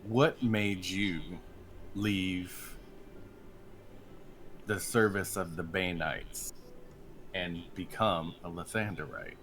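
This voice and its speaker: A man voicing a large, armed male dragonborn who questions someone in a measured, formal way. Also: deep voice, steady tone, fairly bright tone, slight background noise. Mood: probing.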